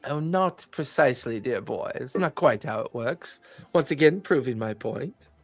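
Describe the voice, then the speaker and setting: A man's voice: medium pitch, expressive, normal speed, soft background music. A man voicing a haughty male fae security chief who talks down to everyone and keeps calling people "dear boy". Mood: condescending. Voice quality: pompous, condescending, says "dear boy".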